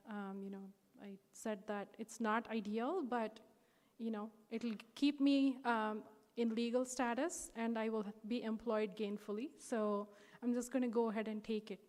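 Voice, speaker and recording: A young woman telling a personal testimony at a devotional gathering, earnest and emotional, with many fillers. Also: a little high. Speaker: speaker sharing a personal testimony. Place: large hall. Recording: hall reverb.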